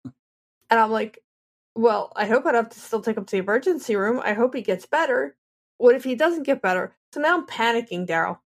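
A woman in her thirties on a casual podcast, telling a story with lively back-and-forth dialogue. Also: on the high side, fairly quick. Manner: animated storyteller, acts out both sides of dialogue. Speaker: podcast co-host.

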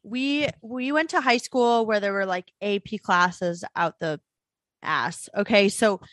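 A woman in her twenties from the US South, hosting a podcast and telling stories in animated, laughing, profane casual chat. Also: mid-range voice, a little slow, no room sound, clean studio sound. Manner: animated, swearing, laughing storyteller. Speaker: podcast host.

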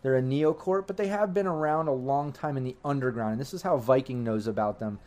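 A man's voice: mid-range voice, a little fast, a little mellow. Rambling young game master man. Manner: rambling, many fillers. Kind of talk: narrating a tabletop game.

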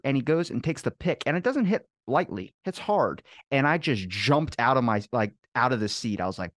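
A man's voice: medium pitch, fairly quick, no echo, clean studio sound. A young man in casual podcast chat, rambling through stories and swearing freely. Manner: rambling storyteller, swears freely, animated quoting. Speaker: podcast host.

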